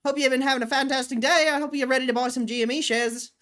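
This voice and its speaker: A shrill, shouting newsboy hawker. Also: male voice, fairly even intonation, quick pace. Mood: cheery sales pitch. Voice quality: high, shouty street-vendor patter. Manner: eager, pleading salesman pitch. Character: loud, pushy young male newsboy hawking shares. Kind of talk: comic put-on voice on a livestream.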